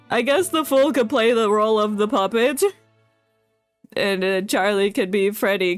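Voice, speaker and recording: A woman streamer chatting through a story game playthrough, giggly, scatterbrained and self-deprecating. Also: medium pitch. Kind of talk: casual game playthrough chat.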